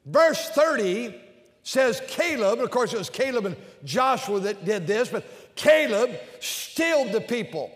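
A man's voice: extremely high pitch, very animated, a little slow, a bit bright, in a large hall. A man preaching an emphatic sermon as a Baptist preacher, leading his congregation in call-and-response. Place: large church with balcony and bleachers.

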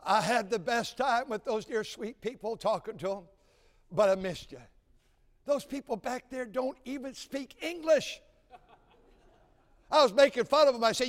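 A man preaching a sermon, telling folksy stories and building to shouted exhortation. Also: very high voice, moderate pace. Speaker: pastor. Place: large church sanctuary. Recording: church sanctuary with long reverb.

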